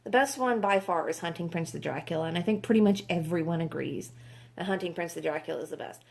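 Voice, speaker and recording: A woman's voice: lowish voice, fast, gravelly, darkish tone. A woman reviewing books in a casual vlog, exasperated, sarcastic and swearing freely. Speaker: book reviewer.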